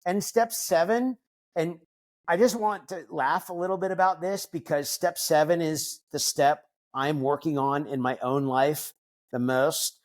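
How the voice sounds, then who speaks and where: A man's voice: on the high side, unhurried. Reflective man in his fifties. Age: 50s. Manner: reflective, with many fillers and restarts. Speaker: podcast guest. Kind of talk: casual interview talk.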